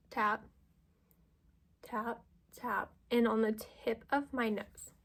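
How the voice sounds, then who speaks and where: A young woman from the United States chatting casually through a makeup tutorial at home, full of fillers and self-deprecating asides. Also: fairly high pitch. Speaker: vlogger.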